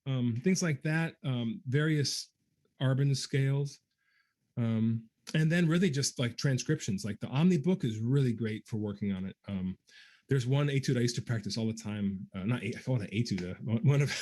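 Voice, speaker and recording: A man at a middle, everyday pitch talks through a musical question in a relaxed livestream chat. He thinks aloud with frequent ums and restarts, and breaks into quick scatted articulation syllables to demonstrate. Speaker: guest trombonist answering viewer questions. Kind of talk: casual livestream Q&A.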